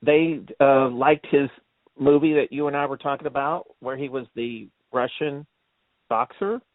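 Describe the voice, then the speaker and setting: A man co-hosting a laid-back movie review chat rambles through stories, performs quotes, and laughs a lot. He speaks at a measured pace in a mid-range voice, recorded dry with no echo over a tinny, phone-like line.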